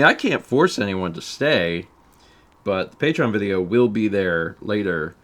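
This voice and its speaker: Slow, lively-voiced male streamer. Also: deep voice. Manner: rambling, self-amused, chatty asides. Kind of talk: casual game stream chat.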